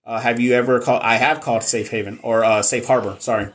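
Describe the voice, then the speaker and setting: A man's voice: medium pitch, fairly even intonation, fast talker. A man, chatting casually on a live stream into a phone, joking and swearing as he answers viewers' questions. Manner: loose and joking, slangy, swears freely, talks straight to viewers. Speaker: nurse and NCLEX coach hosting a live stream.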